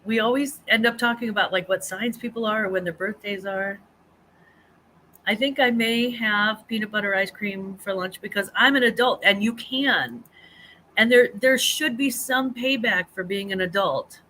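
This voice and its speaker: A woman's voice: medium pitch, moderate pace, pushed and bright, a little hiss or hum. Chatty woman hosting a live stream. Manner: chatty, rambling, laughs often, with fillers and restarts. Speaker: host of a live chat stream. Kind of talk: casual live-stream chat reading comments.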